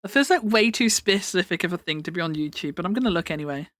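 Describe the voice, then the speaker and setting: A woman's voice: lowish voice, expressive, fast, a bit bright, no room sound, clean studio sound. A young woman livestreamer chatting casually to her viewers, rambling through a story with lots of fillers and laughter. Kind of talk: casual stream chat.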